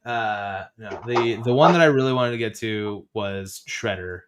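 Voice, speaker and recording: A man's voice: fairly low pitch, measured pace, background noise. A man talking casually and eagerly about collectible toys as a guest. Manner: chatty, enthusiastic about toys. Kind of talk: casual chat.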